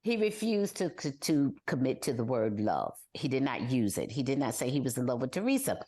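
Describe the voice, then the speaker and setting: An older woman co-hosting a casual podcast chat, talking in an animated way and mimicking people with exaggerated high wails. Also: a little fast. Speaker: podcast co-host.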